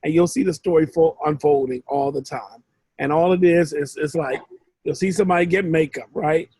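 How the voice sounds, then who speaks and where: A man's voice: fairly high pitch, moderate pace, a little mellow, husky, no echo, low-quality recording. A man mentoring one student in a casual, rambling way over a video call, often restarting his sentences. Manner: rambling, conversational, with frequent restarts.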